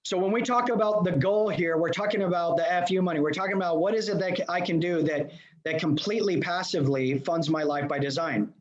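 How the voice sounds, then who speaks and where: Male leadership coach, high voice, energetic, talks straight at the audience; dull video-call sound. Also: fairly quick, few pauses. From Los Angeles. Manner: energetic, addresses audience directly. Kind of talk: motivational seminar talk. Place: remote presentation to a live room.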